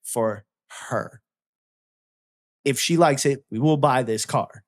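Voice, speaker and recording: A man's voice: mid-range voice, takes it slowly. A man telling a story in casual chat, swearing freely and acting out both sides of a heated argument.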